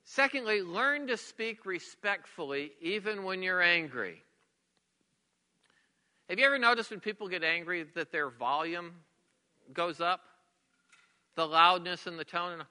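Bright, high-voiced middle-aged male preacher. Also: expressive, unhurried, pauses often, smooth, big-room sound. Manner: earnest, repeats words, drops to a near whisper for emphasis. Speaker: pastor. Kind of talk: sermon.

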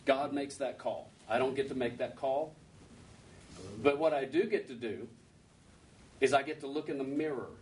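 A man's voice: medium pitch, moderate pace, pauses often, darkish tone. Male preacher, chatty sermon, rhetorical questions, faint noise behind him. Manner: conversational, asks rhetorical questions. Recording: distant mic with faint background noise.

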